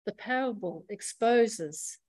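A woman preacher giving a sermon in a measured, reflective teaching manner, pausing often as she explains. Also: on the high side, animated, a little mellow, no room sound, rough recording.

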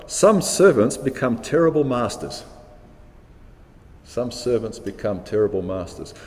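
Slow, reflective New preacher. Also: male voice, lowish voice, darkish tone, in a large hall. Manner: reflective, questioning, repeats words for emphasis. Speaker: pastor. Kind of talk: sermon.

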